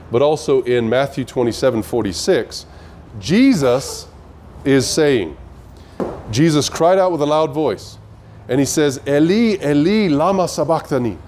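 A man's voice: mid-range voice, lively intonation, measured pace, darkish tone, slight background noise. Earnest man teaching the Bible. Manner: earnest, asks listeners questions.

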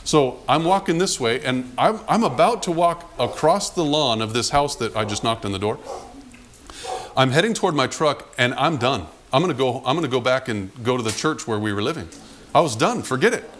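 A man's voice: medium pitch, moderate pace, a little hiss or hum. A man preaching a sermon, telling a personal story from his past and acting out the people in it. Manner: animated storyteller, acts out quotes. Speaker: pastor.

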